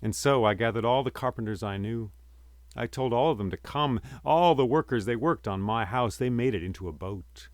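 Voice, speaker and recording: A man voicing an ancient immortal who survived the great flood, speaking with a slow, solemn cadence. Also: mid-range voice, no room sound, lightly acted.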